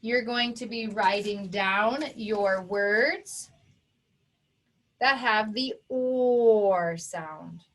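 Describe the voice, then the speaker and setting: A woman teaching a phonics lesson to young children, who sounds out each sound and syllable with slow, careful emphasis. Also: medium pitch. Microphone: recorded for an online video lesson.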